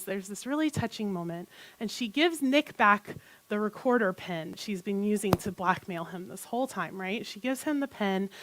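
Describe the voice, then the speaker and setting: A woman minister giving a conversational sermon, telling a story in an animated way with chatty asides to the congregation. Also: mid-range voice, no room sound, rough recording. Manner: animated storytelling, retelling a film plot.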